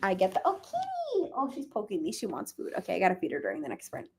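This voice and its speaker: A woman hosting a relaxed reading livestream, chatting casually with viewers, laughing often and talking softly to her cat. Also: mid-range voice, quick pace, creaky, a little hiss or hum. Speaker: livestream host. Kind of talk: casual chat.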